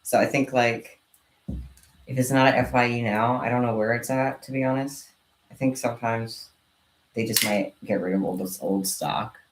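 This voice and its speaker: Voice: mid-range voice, steady tone, moderate pace, a little hiss or hum. A young adult craft vlogger chatting casually at home and cooing in baby talk to pet cats. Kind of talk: casual chat while crafting. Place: home room. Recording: roomy sound from a distant mic.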